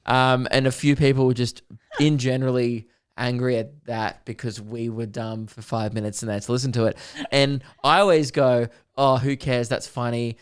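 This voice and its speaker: A man's voice: mid-range voice, normal speed, hardly any pauses, clear, resonant tone. A young adult man, co-hosting a casual podcast and telling stories with crude jokes. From Australia. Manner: crude joking storyteller. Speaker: podcast co-host. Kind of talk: casual chat.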